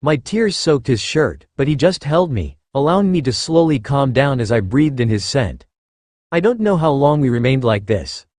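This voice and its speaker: Man reading a story aloud, lively. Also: medium pitch, normal speed, no room sound, studio quality. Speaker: story narrator. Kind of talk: fan fiction audiobook narration.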